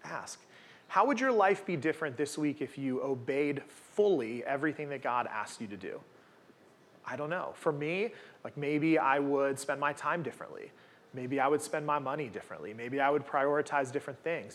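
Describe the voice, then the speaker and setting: A man's voice: medium pitch, a bit bright. A man in his forties giving a casual, conversational sermon at a church gathering, full of rhetorical questions and tag "right?"s. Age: 40s. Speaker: guest preacher.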